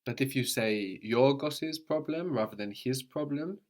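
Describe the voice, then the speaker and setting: A man's voice: mid-range voice, unhurried, darkish tone. A man teaching a language lesson, patiently explaining and prompting his student.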